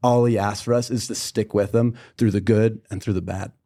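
A man's voice: fairly low pitch, fairly quick. Young man telling a story. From Pennsylvania. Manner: storytelling, animated. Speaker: podcast co-host. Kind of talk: casual faith podcast chat.

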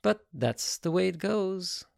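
An audiobook narrator reading literary prose in a measured, intimate, reflective manner. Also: mid-range voice, lively intonation, gravelly, a little mellow, no room sound, studio quality.

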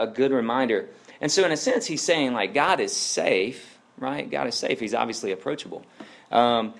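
Pastor guy, super casual sermon, keeps saying right and like, mid-pitched voice. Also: vocal fry. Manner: chatty and informal, with lots of tag questions and fillers.

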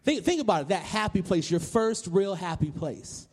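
A man in his thirties from Tennessee, telling an animated personal story to a live audience, often repeating words and acting out voices. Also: sits high, moderate pace, breathy edge, long reverb tail. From Nashville, Tennessee, US. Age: 30s. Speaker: public speaker.

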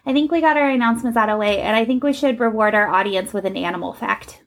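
Playful quick-talking young woman. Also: fairly high pitch. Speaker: podcast co-host. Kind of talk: casual chat.

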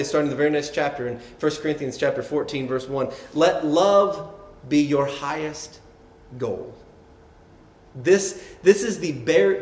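Man, pastor, conversational sermon, somewhat high voice, echoey room. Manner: conversational preaching with repeated words and tags like "right?".

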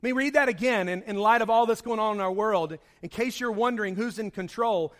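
High-voiced preaching man. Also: brisk, few pauses, fairly bright tone. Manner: conversational storytelling that builds to emphatic, raised preaching. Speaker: pastor. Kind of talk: sermon. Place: church service.

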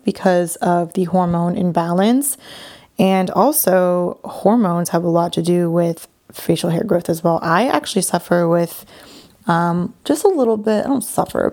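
A young woman with a slightly low voice and a gravelly fry in her tone, talking through listener questions on her own podcast. She sounds earnest and chatty, circling back with fillers and repeated words. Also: darkish tone. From Brazilian heritage. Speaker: podcast host. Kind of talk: casual solo podcast talk.

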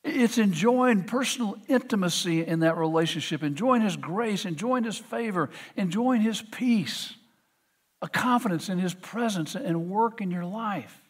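A man's voice: high voice, expressive, unhurried, husky. A middle-aged man preaching a sermon, earnest, often restarting with repeated words. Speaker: pastor.

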